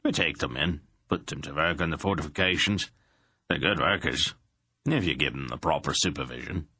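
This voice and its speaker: A man doing a practical middle-aged smith with a very deep, gravelly, husky voice. He explains things plainly and with dry understatement, as in an audiobook. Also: normal speed, sharp tone, no room sound, heavily acted. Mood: matter-of-fact. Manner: dry, matter-of-fact understatement.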